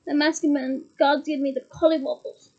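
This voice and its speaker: A slow, deliberate older bus driver, as a woman reader puts him on, grumbling in an unhurried drawl. The voice stays very high and the recording sounds muffled and lo-fi. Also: flat delivery, a little mellow.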